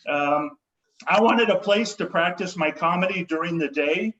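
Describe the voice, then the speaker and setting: Man, stand-up comedy host, wry halting delivery, a bit high-pitched, dull lo-fi video call sound. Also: fairly bright tone.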